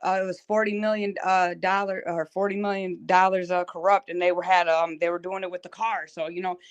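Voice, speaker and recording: Detroit-accented woman, co-host, slangy, halting with fillers, casual chat. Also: lowish voice, little pitch movement, clear, resonant tone, dull audio. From Detroit, United States.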